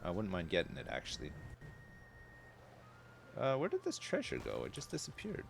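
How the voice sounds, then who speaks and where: With background noise around him, a man in his thirties talks through a gaming stream from home in a low, creaky voice that swings hugely in pitch at a moderate pace. He drifts chattily from thought to thought, replies to chat, and swears casually.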